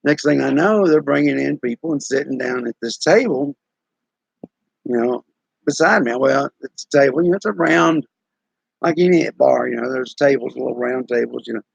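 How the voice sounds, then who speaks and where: A chuckling, drawling storyteller in his sixties from East Tennessee casually entertains his stream's chat with folksy anecdotes in a Southern accent. His mid-range voice is creaky with a breathy edge and a moderate pace, and the muffled recording has no echo.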